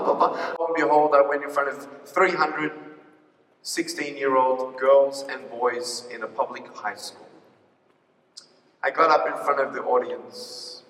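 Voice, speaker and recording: A motivational speaker tells his story to a crowd, acting out each exchange with animated energy. His voice sits somewhat high for a man. It carries from a distance, with a long hall reverb around it. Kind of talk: live storytelling speech. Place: large hall before an audience. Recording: echoey hall picked up from afar.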